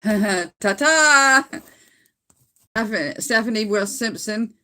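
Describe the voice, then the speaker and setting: Middle-aged Canadian woman, phone livestream host, unhurried and bright, rambles with easy laughs. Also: mid-range voice, lively intonation. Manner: chatty, rambling, laughs often. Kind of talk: casual live chat with viewers. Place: at home.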